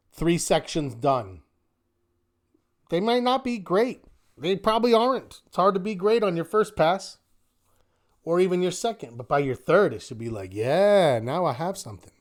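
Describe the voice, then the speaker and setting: A trading instructor hosts a live online class as a weekly market wrap, upbeat and encouraging as he runs through rhetorical checklists of questions for students. His voice is on the high side, clear and resonant.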